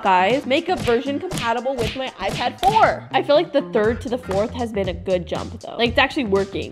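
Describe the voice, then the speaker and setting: A young woman vlogging casually about old tablets, excitable and joking with quick asides. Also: on the high side. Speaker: tech vlogger. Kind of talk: casual chat.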